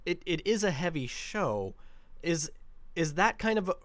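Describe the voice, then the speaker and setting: Halting male interviewer, smooth dry voice. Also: fairly high pitch, very animated, a bit bright, dry recording. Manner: hesitant, many restarts and fillers. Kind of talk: interview questions.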